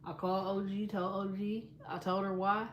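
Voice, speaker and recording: A woman's voice: mid-range voice, moderate pace, a little hiss or hum. A woman telling a personal story in a casual monologue, blunt and swearing constantly. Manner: lively storyteller, quietens when telling sad parts. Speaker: astrology content creator.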